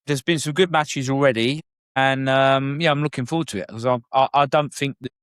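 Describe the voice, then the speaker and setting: A man chats loosely as a podcast co-host, laughing often and swearing without a second thought. His voice sits at an ordinary middle pitch. The sound is dry and close, with no room around it. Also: a little fast, fairly bright tone, smooth, no room sound. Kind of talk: casual chat.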